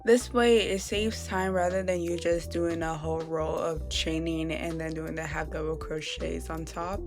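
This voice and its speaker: Young woman, lowish voice, casual tutorial voice-over, playful, talks to viewers, faint music behind. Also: fairly even intonation, normal speed. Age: young adult. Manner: chatty, playful, addresses viewers as y'all, laughs at herself. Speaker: crochet vlogger.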